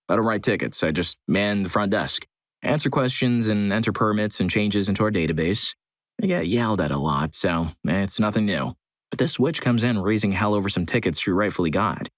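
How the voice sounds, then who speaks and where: Male narrator with a low voice and a dry, close sound, reading scripted stories at a steady pace. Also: dry recording. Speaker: story channel narrator.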